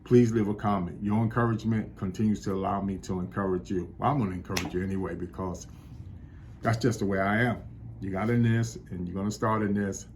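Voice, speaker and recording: A man's voice: fairly low pitch, fairly even intonation, a little fast, slight background noise. A man, a real estate agent from New York, talking to camera in an encouraging, preacher-like way. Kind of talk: motivational talk to camera.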